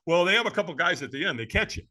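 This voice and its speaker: A man in his seventies from California, a podcast guest telling a story in a lively way, often calling the listener "man.". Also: high voice, very fast. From California, USA. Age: 70s. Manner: lively, acts out quoted voices, says "man" often. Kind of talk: animated storytelling.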